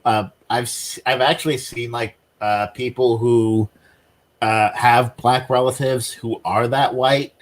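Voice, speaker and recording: A man co-hosting a podcast, chatting casually and explaining things in halting bursts full of "uh" and "like". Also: mid-range voice, steady tone. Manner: halting, many fillers and restarts while explaining. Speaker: podcast co-host. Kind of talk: casual chat.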